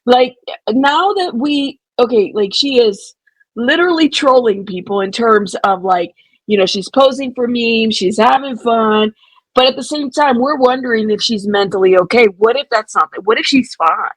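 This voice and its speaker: A woman chats on a live stream and asks the viewers for their views. Her voice is a bit high and husky, and the sound is dry and close. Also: normal speed, no echo, low-quality recording. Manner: chatty, addresses viewers directly. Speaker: co-host talking to live chat. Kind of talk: casual live-stream chat.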